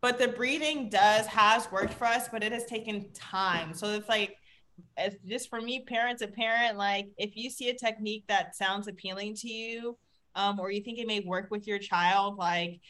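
A woman's voice: mid-range voice, normal speed. A woman chatting casually about parenting, talkative and full of fillers. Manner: chatty, lots of fillers, animated retelling. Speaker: podcast co-host, parent. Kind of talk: casual chat.

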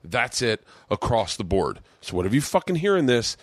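A man in his forties hosting a podcast, telling a rambling, profane story with excitable energy. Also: mid-range voice, brisk, no echo. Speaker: podcast host. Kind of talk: casual storytelling monologue.

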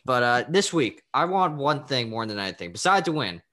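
A man's voice: mid-range voice, big pitch swings, brisk, sharp tone. A man co-hosting a casual sports podcast over a video call, upbeat and teasing. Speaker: podcast co-host.

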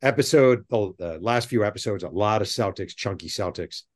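A middle-aged man, a guest author on a podcast, chatting casually and telling animated stories with rambling asides. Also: lowish voice, normal speed. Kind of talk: casual interview chat.

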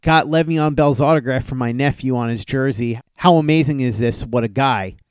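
A man hosting a podcast, telling a fond story about a late friend and acting out their back-and-forth in lively quoted dialogue. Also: medium pitch, moderate pace, smooth, dry recording. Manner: animated storyteller who acts out quoted dialogue. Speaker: podcast host. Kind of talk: casual storytelling tribute.

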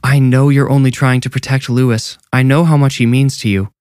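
A man's voice: medium pitch, level tone, a little fast, darkish tone, no echo, clean studio sound, voice pushed up, lightly acted. A man voicing a middle-aged orphanage headmistress who pleads urgently and tenderly through a door. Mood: pleading.

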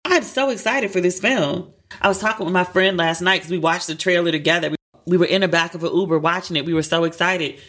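Woman, podcast co-host, bright voice, animated casual chat. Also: fast talker, hardly any pauses. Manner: animated, chatty, quotes herself in exaggerated high tones. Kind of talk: casual pop-culture chat.

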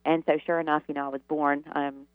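A woman's voice: sits low, level tone, fairly quick, clean tone, dry recording. A woman from the Southern United States, a guest telling long, rambling stories with many fillers and restarts. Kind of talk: storytelling interview answers. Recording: tinny phone line.

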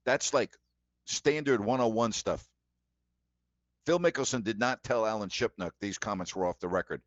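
A man's voice: medium pitch, normal speed, no echo, highs cut off. A man hosting a sports talk show, giving emphatic, indignant commentary and repeating his points.

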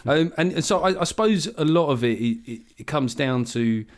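A man's voice: fairly high pitch, animated, moderate pace. A man in his forties, a comedian guest in casual podcast chat, wry and ranting about slang. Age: 40s. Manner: wry, ranting, mimics others in quoted voices.

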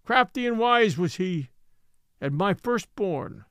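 A man voicing an old native woman, a scornful mother given to sharp, wailing outbursts. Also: sits high, expressive, slow pace, clear, resonant tone, dry recording, studio quality, voice pushed up, heavily acted.

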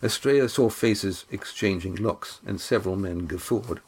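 A man reading a chapter of a novel aloud as narrator, in a measured, unhurried way. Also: fairly low pitch, a little mellow, husky. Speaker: audiobook narrator. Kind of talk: scripted narration.

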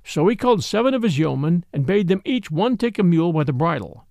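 A man narrating a storybook as an audiobook reader, in an expressive, measured way on a close studio mic. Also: high voice, creaky, no room sound.

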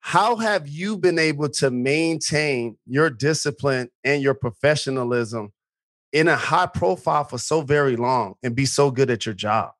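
A man's voice: medium pitch, unhurried, a bit bright. A man hosting an interview, asking supportive, probing questions. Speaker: podcast host. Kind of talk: interview conversation.

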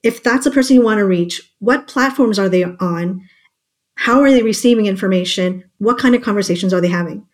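A woman in conversation, explaining points clearly and steadily in a voice of middle pitch. She leans on rhetorical questions to build her case. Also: a little fast. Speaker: guest marketing expert. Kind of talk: podcast conversation.

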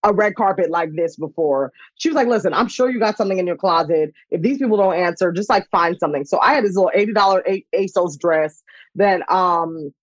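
An excitable woman in her thirties, telling a lively anecdote with lots of laughter and high-pitched quoted voices. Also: brisk, no room sound, lo-fi sound. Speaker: guest. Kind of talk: animated storytelling anecdote.

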